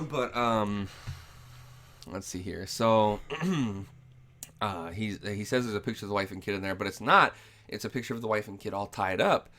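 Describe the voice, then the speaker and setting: A man hosting a podcast, giving a casual, profane, rambling movie recap and clearing his throat often. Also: on the low side, animated, moderate pace, a bit bright. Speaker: podcast host.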